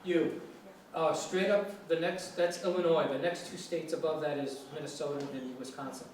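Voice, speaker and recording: Man, slightly high voice, chatty lecturer, echoey hall, mic far off. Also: steady tone, normal speed, a little hiss or hum. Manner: chatty, asks the audience questions, imitates regional accents. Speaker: English teacher giving a lecture. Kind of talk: informal lecture to students.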